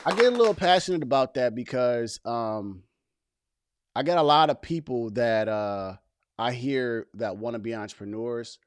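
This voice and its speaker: Reacting to a podcast clip, the host of a casual commentary video talks straight to his viewers with passion and lots of slang, arguing about holding onto a job while building a business. He speaks at a normal speed with a medium pitch, and there's no room sound.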